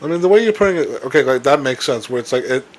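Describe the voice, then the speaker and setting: A young man co-hosting a casual chat, rambling with halting restarts and swearing freely. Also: mid-range voice, lively intonation. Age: young adult. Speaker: podcast co-host.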